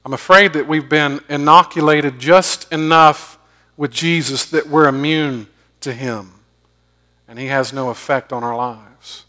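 A man preaching a sermon, telling stories and swinging from loud emphatic bursts to hushed low asides. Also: fairly even intonation, a little slow. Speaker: pastor.

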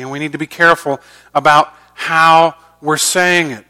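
Man, pastor, sermon, earnest, swings loud to soft, high-ish voice. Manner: earnest preaching with shifts between loud and soft.

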